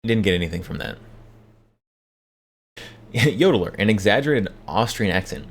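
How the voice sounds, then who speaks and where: A man's voice: fairly low pitch, expressive. A male streamer casually commenting and reading text aloud on a live stream, amused and chuckling. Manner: amused, chuckling, reads in bursts of fast and slow.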